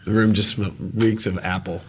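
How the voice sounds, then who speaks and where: A man narrating as dungeon master in a tabletop game, slowly painting vivid, gross scene details and laughing at them. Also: lowish voice, flat delivery, husky.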